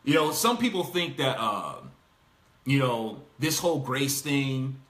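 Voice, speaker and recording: A man hosting a casual Bible discussion, talking in an animated way, laughing and acting out the quotes he reads. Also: medium pitch, measured pace, echoey room. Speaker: host.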